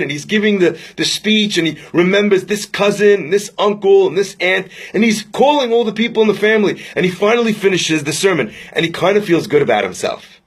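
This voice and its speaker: A young rabbi tells stories in an inspirational talk. His voice sits high and has a husky grain. He delivers each story with drama and slows down to let the key lines land. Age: young adult. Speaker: rabbi and speaker.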